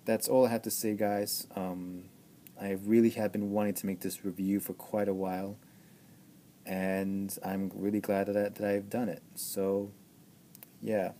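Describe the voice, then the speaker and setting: A man's voice: on the low side, flat delivery, a little slow, dark tone, slight background noise. A man giving an enthusiastic album review, gushing and repeating himself with many stammered restarts. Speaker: music reviewer.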